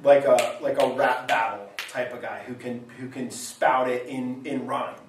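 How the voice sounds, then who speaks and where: A man's voice: medium pitch, little pitch movement, unhurried, slight background noise. A man teaching Latin in a classroom lecture, thinking aloud and correcting himself as he goes. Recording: very echoey room, mic far off.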